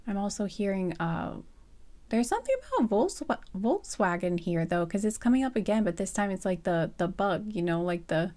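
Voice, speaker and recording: Slightly hoarse woman musing through a reading. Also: mid-range voice, animated, moderate pace, a little mellow. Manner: rambling and hesitant, thinking aloud with many fillers and restarts. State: slightly hoarse, irritated throat. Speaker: tarot card reader. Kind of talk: casual pick-a-card reading.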